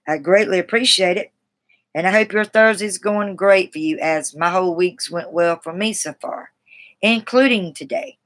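A woman's voice: on the low side, a bit bright. A woman on a live stream reading aloud from a grammar book, stumbling over and restarting words, with chatty asides to her viewers. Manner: halting, restarts words, self-deprecating and chatty.

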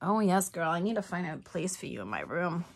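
A woman vlogger in casual unboxing chat at home, excitable and giggly, teasing herself and reading a card aloud. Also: lowish voice, a little fast, breathy edge.

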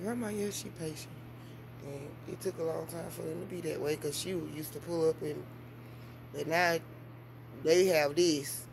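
Mom vlogger, woman, talks straight to camera in loose, animated storytelling. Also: gravelly, background noise. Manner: animated storytelling with big swings in pitch and volume. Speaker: mother and vlogger. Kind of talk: casual vlog chat.

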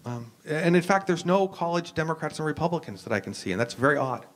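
A man's voice: a little high, lively intonation, fast talker. American man lecturing with "um"s. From United States. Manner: explanatory, frequent "um" and restarts. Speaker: university professor, panelist. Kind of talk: lecture-style discussion.

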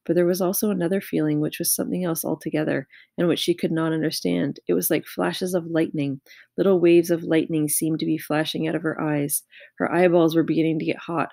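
Gravelly-voiced woman narrating a storybook. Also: deep voice, warm tone, dry recording, studio quality. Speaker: audiobook reader. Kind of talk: children's book narration.

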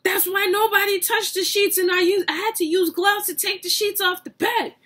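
A woman's voice: very high-pitched, steady tone, normal speed, sharp tone, voice pushed up. A woman voicing her fed-up aunt, who makes her point with heavy emphasis. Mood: exasperated. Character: exasperated middle-aged aunt.

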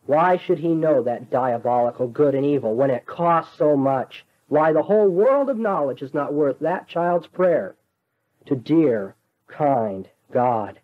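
A man's voice: on the high side, lively intonation, a little slow. An anguished skeptic pleading, read aloud by a man. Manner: impassioned, rising dramatic reading. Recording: dull lo-fi lecture recording.

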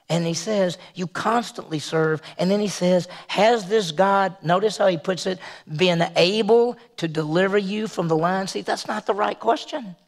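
A male pastor preaching a sermon in a conversational way, with emphatic rises and soft asides. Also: high-pitched, creaky.

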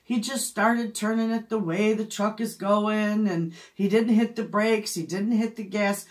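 A woman's voice: mid-range voice, steady tone, unhurried, a little mellow. A middle-aged woman, chatting casually as a homestead vlogger and telling a story with frequent laughs. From Michigan, USA. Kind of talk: casual chat.

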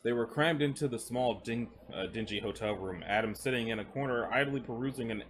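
Casual: guy chewing gum n reading a story out loud, trips on words, middle pitch. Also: brisk, a little hiss or hum. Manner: chewing gum while talking, chatty asides, stumbles over words. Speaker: story reader. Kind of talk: casual reading of stories with asides.

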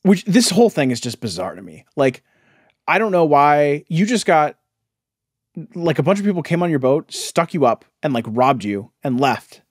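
A man's voice: fairly high pitch, very animated, normal speed, slightly rough, no echo, studio quality. A man co-hosting a casual comic podcast chat, who laughs often and talks in a mocking, incredulous way. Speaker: podcast co-host.

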